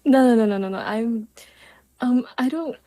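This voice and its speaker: A woman guest in casual chat, modest and quick to laugh. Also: on the high side, a crowd in the background.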